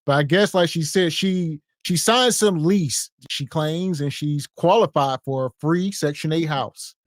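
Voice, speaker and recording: A man's voice: a little high, a little slow, no echo, clean studio sound. A man co-hosting a podcast, explaining things in a wry, matter-of-fact way. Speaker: podcast co-host. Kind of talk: casual podcast commentary.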